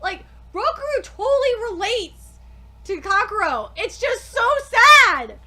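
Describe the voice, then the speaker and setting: Brief: young woman reacting live to a comic chapter, very high voice, swears a lot. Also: slow pace. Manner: gushing, excitable, swears freely. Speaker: manga reaction streamer.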